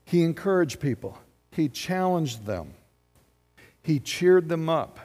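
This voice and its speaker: A man, a pastor preaching a lively, conversational sermon full of rhetorical questions. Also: a little high, takes it slowly, big-room sound, soft background music.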